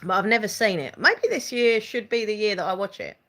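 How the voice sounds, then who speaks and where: A woman's voice: mid-range voice, animated, brisk, a bit bright. Woman chatting on a live stream, giggly, voice bouncing all over the place. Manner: giggly, chatty, reads out viewer comments. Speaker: channel host chatting with live viewers. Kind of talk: casual live-stream chat.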